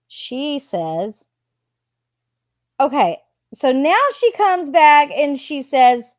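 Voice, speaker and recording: A woman's voice: high voice, animated, very slow, long pauses, a little mellow, dry recording. A woman casually reading out text messages and adding her own blunt asides. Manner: chatty, reads messages aloud with asides. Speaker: true crime commentator.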